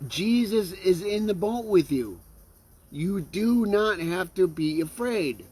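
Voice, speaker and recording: A man's voice: high-pitched, lively intonation, takes it slowly, a little mellow, breathy edge. A man preaching a sermon in an earnest way, often checking in with listeners and restarting his phrases. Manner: earnest, checks in with listeners with frequent "okay?" and "right?".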